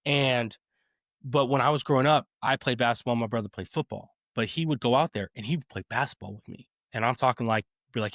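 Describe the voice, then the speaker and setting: A man around thirty hosting a casual podcast chat. He has a middle-range voice and rambles in an easy, friendly way, full of fillers and quick laughs. The sound is close and dry. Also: mid-range voice, fairly bright tone, no room sound. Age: 30s. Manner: chatty, laughs often, many fillers and restarts. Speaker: podcast host.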